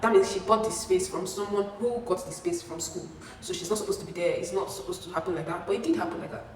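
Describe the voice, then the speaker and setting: A young woman tells a story to her vlog audience, lively and expressive, leaping up in pitch whenever she mimics someone. Her voice carries a strong echo and sits at a distance from the mic, with a faint hiss behind it. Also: fast talker. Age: young adult. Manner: animated, acting out quotes with sudden pitch jumps. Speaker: vlogger. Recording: echoey room, far from mic, faint hiss.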